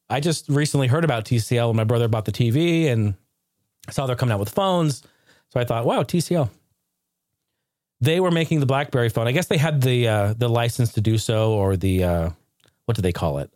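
A man hosting a podcast in loose, casual chat, animated and quick to joke and swear. His pitch is middling and his voice sounds dry and close to the mic. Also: no echo. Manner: animated, profane, joking. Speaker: podcast host.

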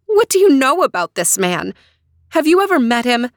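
A woman voicing a spirited, defiant young princess in a high, emphatic storybook voice. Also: sing-song, moderate pace, no echo, clean studio sound. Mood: indignant.

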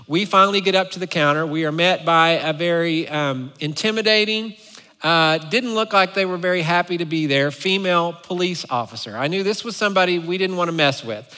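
A man preaching a sermon as pastor, a playful, animated storyteller speaking to his congregation in a church. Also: a little high, a little fast, clean tone, big-room sound.

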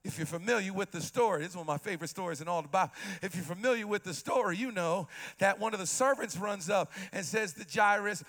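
Male pastor, impassioned sermon, shouting, calls to the crowd, very high, bright voice. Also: quick pace, hardly any pauses.

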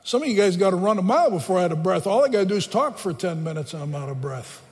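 A man's voice: sits high, lively intonation, fast, a little mellow. A man preaching a sermon as a pastor, emphatic and repeating phrases for stress. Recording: long reverb of a large hall.

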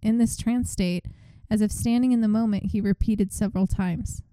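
Mellow-voiced woman telling a story. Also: medium pitch, moderate pace, few pauses, no room sound, low-quality recording. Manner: animated retelling, reenacts quotes. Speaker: podcast co-host. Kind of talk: casual storytelling.

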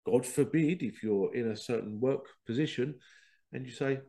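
A man's voice: medium pitch, moderate pace, gravelly, dark tone. A man hosting a spiritual self-help podcast, talking emphatically and slipping into voices of other people. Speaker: podcast host.

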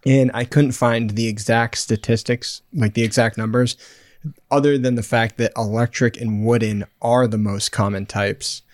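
A man co-hosting a podcast, laid-back and rambling in casual chat, trailing off softly at the end of his phrases. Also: medium pitch, fairly even intonation, moderate pace, dry recording, studio quality. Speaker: podcast co-host.

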